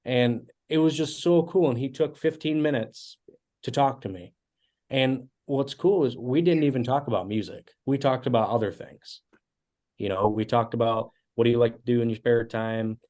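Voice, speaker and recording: A man in his twenties, a guest musician, telling animated stories with casual fillers in an interview. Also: medium pitch, moderate pace. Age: 20s. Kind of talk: storytelling interview.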